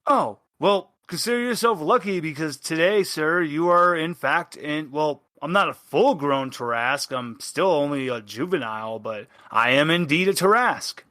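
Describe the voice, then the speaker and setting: A man's voice: on the high side, animated, normal speed, few pauses, bright, forceful tone, dry recording, studio quality. A man voicing an overexcited juvenile Tarrasque monster boy in a tabletop game, eager and friendly. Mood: giddy.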